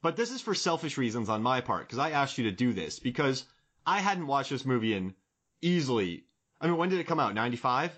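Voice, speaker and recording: A man in his forties hosts a casual podcast conversation, drifting from one comic bit to the next. His voice sits at an ordinary middle pitch, and he jokes his way through long, rambling thoughts. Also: big pitch swings, fairly quick, a bit bright. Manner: joking, rambling, fond of bits. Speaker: podcast host.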